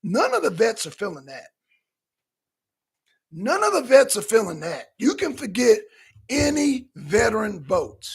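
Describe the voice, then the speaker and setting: A man hosting a political talk livestream, animated and repetitive, calling out viewers in the chat. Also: high-pitched, a little slow, gravelly, long pauses, breathy edge. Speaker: talk show host.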